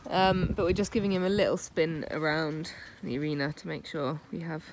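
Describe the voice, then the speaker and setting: A woman's voice: low-pitched, fairly even intonation, fairly quick. A woman vlogging casually from horseback on a country track, chatting and praising her pony. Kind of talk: casual vlog narration. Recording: noisy outdoor phone recording.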